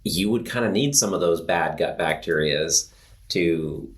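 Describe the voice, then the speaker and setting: Casual podcast co-host, male, very low pitch, loose filler-heavy delivery. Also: measured pace. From Pacific Northwest of the US. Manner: rambling, filler-heavy, laughs easily. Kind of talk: casual health podcast chat.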